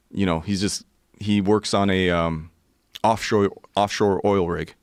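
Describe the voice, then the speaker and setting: A man in his forties with a low voice, a podcast guest telling a profane, vivid story in casual talk. The sound is close and dry. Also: fairly even intonation, unhurried, smooth, no echo.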